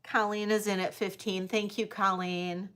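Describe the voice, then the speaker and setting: A woman's voice: medium pitch, flat delivery, moderate pace, a bit bright. A woman hosting a live-stream vintage jewelry sale, chatting directly with her viewers. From Detroit area, United States. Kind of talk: live-stream auction chat.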